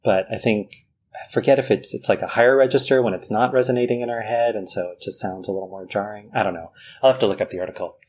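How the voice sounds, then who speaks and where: A man co-hosting a casual podcast chat, speaking in a measured way and laughing along easily. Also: lowish voice, darkish tone, slight background noise. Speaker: podcast co-host.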